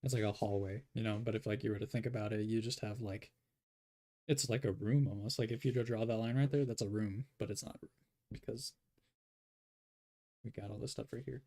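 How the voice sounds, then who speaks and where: A man's voice: lowish voice, steady tone, a little fast, long pauses, warm tone. A man talking to himself in a rambling way as he draws, giving casual commentary. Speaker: artist.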